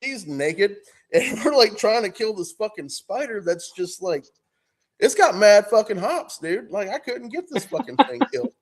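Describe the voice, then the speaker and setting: A man's voice: high-pitched, animated, normal speed. Laughing, profane man telling a story. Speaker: podcast co-host. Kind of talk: casual chat storytelling.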